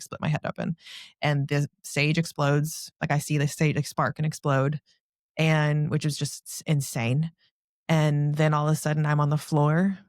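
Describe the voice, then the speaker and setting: Gravelly-voiced woman telling an emotional story. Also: sits low, darkish tone, no echo, clean studio sound. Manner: breathless, frequent "like" fillers. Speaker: podcast guest.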